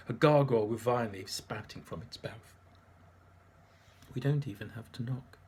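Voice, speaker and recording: A man's voice: medium pitch, a little hiss or hum. A man narrating his memoir in a dry, wry manner.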